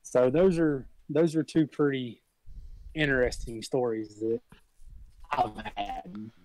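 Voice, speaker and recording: A man's voice: medium pitch, slow pace, darkish tone, slight background noise, poor audio. A young man, a volunteer firefighter, telling stories in a rambling, folksy way with frequent restarts. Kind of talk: casual storytelling.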